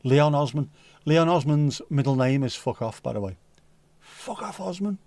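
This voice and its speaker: With a mellow, mid-range voice at normal speed and no echo, a man runs a casual livestream. He chats with viewers, reads their comments aloud, and keeps up dry, rambling banter that slides into silly voices.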